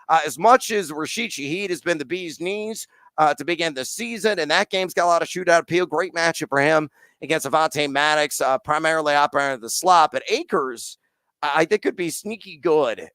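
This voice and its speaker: Brisk, bright-toned male host fielding live stream questions; energetic, slangy, lots of "uh" fillers; dry close sound. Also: a little high, clean tone, no echo. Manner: rapid, energetic, sports slang, frequent "uh" fillers. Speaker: fantasy football and betting host.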